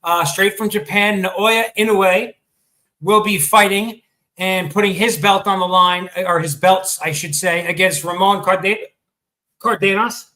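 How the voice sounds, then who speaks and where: A man's voice: sits high, steady tone, a little slow, bright, forceful tone, low-quality recording. A man hosting a casual sports talk show, chatty and full of ums and restarts, with the hiccups. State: has the hiccups.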